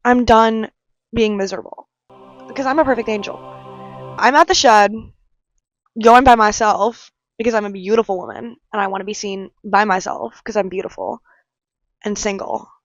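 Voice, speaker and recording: A woman's voice: mid-range voice, steady tone, normal speed, pauses often, dry recording, lo-fi sound, faint music behind. A woman in her twenties from Chicago, rambling emphatically in a casual vlog monologue, often repeating herself. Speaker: vlogger. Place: aquarium visit, handheld vlog.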